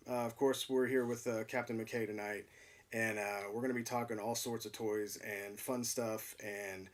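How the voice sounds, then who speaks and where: A male livestream host chatting casually, excitable and laughing often, with lots of fillers. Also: medium pitch. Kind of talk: casual chat. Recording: voice a bit distant from mic.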